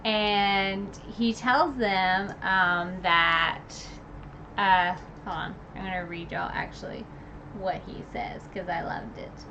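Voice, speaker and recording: A woman talks through a book's ending in a loose, chatty recap, slowly and with plenty of pauses. Her voice is bright and forward. She rambles from point to point with fillers and asides. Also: mid-range voice, fairly even intonation, muffled recording, a little hiss or hum. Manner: rambling and chatty, full of "like" and "you know". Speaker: book reviewer streaming a recap. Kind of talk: casual book recap chat.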